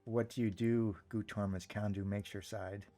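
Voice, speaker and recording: A man narrating as game master of a tabletop game, halting, with many fillers. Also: fairly low pitch, flat delivery, mellow, soft background music.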